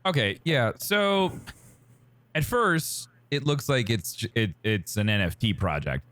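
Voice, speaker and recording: A man's voice: mid-range voice, expressive, unhurried, fairly bright tone, dry recording. Guy cohosting a podcast, dry teasing humor, voice swings around a lot, dead dry room. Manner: wry, teasing, rambling. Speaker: podcast co-host. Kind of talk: casual podcast chat.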